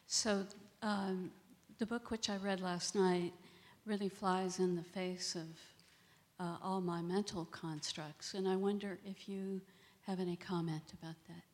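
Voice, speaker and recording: A woman in her sixties in the audience, asking a question hesitantly with pauses. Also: lowish voice, steady tone. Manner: hesitant, halting with fillers. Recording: reverberant hall.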